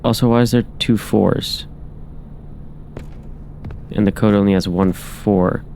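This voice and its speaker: A man's voice: on the low side, steady tone, slow, vocal fry, darkish tone, slight background noise. A man hosting a horror game playthrough, muttering to himself as he works through codes and making wry asides. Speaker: gaming channel host. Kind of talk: let's play commentary.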